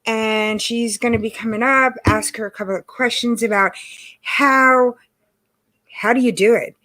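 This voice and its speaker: A woman hosting a casual livestream, chatty and greeting viewers by name, her voice hoarse from allergies. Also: on the high side, fairly even intonation, measured pace, sharp tone. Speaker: livestream host. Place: home in Texas.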